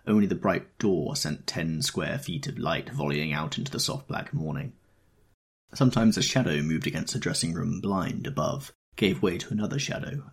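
A man reading a novel aloud in a measured, first-person storytelling manner. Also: low-pitched, creaky, slightly rough. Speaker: audiobook reader.

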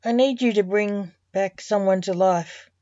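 A woman's voice: medium pitch, unhurried, warm tone, no echo, dull audio, natural voice. A woman reading the lines of a curious young man who asks eager, anxious questions.

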